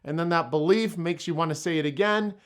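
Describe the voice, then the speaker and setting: A man's voice: on the high side, brisk, a bit bright, smooth. A man giving an emphatic motivational self-help talk, repeating phrases for effect. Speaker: motivational speaker.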